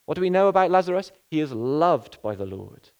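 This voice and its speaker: A man's voice: on the high side, big pitch swings, brisk, darkish tone, highs cut off. A male pastor giving an earnest sermon, often asking rhetorical questions.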